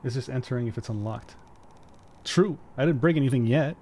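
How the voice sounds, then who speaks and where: Man streamer, joking let's-play commentary, mid pitch, faint background hum. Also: brisk, darkish tone. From Quebec. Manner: joking, reads game text aloud in dramatic voice. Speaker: gaming streamer.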